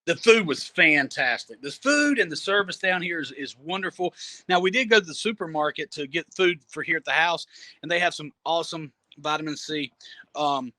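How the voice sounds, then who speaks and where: A man telling a travel story in a casual, animated way, often laughing and repeating words as he goes. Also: a little high, normal speed. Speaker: storyteller guest. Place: Jamaica.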